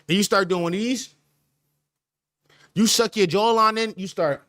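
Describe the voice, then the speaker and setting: A man's voice: sits high, a little slow, bright, forceful tone, no room sound. A man hosting a podcast stream in casual chat, riffing with slang in a repetitive, joking, mock-sincere way. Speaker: podcast host.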